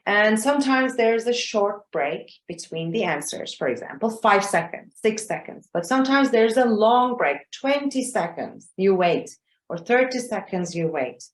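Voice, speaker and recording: A woman trainer teaches a class over a video call at a middle pitch. She is patient and keeps checking in with "okay?" and "yeah?" Her voice carries a roomy echo. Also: animated, measured pace. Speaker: exam trainer. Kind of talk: live online class.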